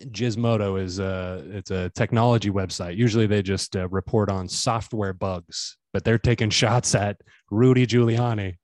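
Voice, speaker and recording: A man's voice: fairly low pitch, normal speed, hardly any pauses, dry recording. A man co-hosting a podcast, telling a comic story with lots of swearing and acted-out quotes. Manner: animated storyteller, swears freely, acts out quotes. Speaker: podcast co-host. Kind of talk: casual comedic chat.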